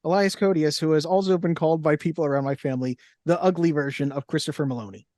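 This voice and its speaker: A man's voice: fairly high pitch, steady tone, quick pace, a little mellow, no room sound. A young man co-hosting a movie podcast in casual chat, reading cast lists and review quotes aloud. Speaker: podcast co-host.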